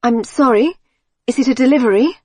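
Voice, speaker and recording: A woman's voice: mid-range voice, normal speed, a little mellow, husky, no room sound, studio quality, natural voice. A woman voicing a guarded, curt woman of about fifty who speaks with a slight foreign accent. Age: 50s. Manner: cold, clipped, guarded.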